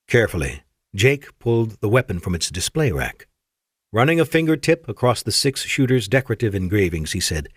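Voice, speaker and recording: A man narrating an audiobook in a measured, descriptive storytelling manner. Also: fairly low pitch, big pitch swings, slightly rough, dry recording, clean studio sound.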